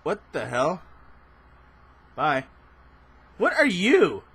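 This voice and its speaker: A young man doing let's play commentary, excitable and laughing, shouting in bursts. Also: a little high, very slow, husky. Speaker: gaming channel host.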